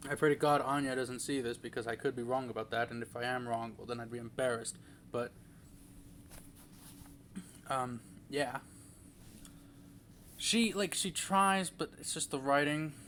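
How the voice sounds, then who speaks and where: A man's voice: medium pitch, fairly even intonation, unhurried, pauses often, a bit bright, slight background noise. A young man giving a casual, rambling movie review, full of fillers and restarts.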